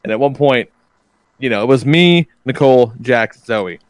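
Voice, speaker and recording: A man's voice: mid-range voice, normal speed, no room sound. A man in his thirties, a podcast host telling stories in a loose, profane casual chat. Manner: profane, animated storyteller.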